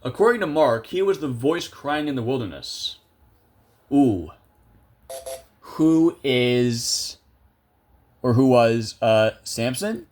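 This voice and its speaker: A man's voice: medium pitch, animated, slow pace, long pauses, darkish tone. A young man commentating a video game casually, chatty and self-amused, thinking aloud with lots of fillers. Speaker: gameplay video creator.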